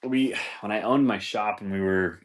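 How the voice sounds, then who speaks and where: Comedy podcast host, male, lowish voice, loose profane rambling with laughs. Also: moderate pace. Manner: loose, profane, laughing, says dude a lot.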